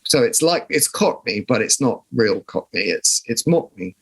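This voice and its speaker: An older man with a southern English accent, speaking as a guest in an interview. He tells his stories in a reflective, conversational way and often restarts his sentences. His voice sits at an ordinary pitch. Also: lively intonation, normal speed, fairly bright tone, breathy edge. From southern England. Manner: reflective, storytelling with frequent restarts. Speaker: guest musician.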